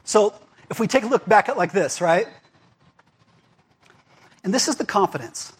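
A high-pitched, slightly rough-voiced pastor preaches animatedly at a moderate pace. His sermon stays casual and chatty, with frequent "right?" and "okay?" checks to the audience.

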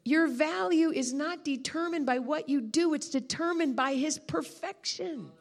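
A woman's voice: sits high, a little slow, vocal fry, hardly any pauses. A middle-aged woman preaching a sermon as a guest speaker, telling stories with laughter and exclamations. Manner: animated storytelling, laughing and shouting.

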